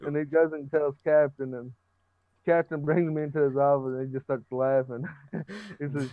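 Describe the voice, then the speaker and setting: A young man, a podcast guest, tells stories in a brash, profane way, laughing often through the casual storytelling. His pitch is fairly high with little movement, and he talks at normal speed. The recording is dry, phone-like and lo-fi.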